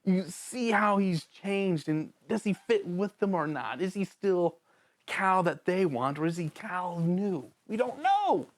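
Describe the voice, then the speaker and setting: A channel host giving a casual, excitable spoken book review, joking around and talking straight to the author and characters. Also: unhurried. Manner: excitable and jokey, with big swings in pitch; addresses the author and characters directly, playful slang.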